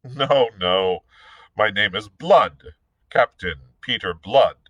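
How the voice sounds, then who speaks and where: A man's voice: fairly low pitch, expressive, takes it slowly, a bit bright, no room sound, muffled recording, full character voice. A man voicing a sardonic, witty Irish pirate captain, speaking in a dry, mocking, self-assured way in a read-aloud story.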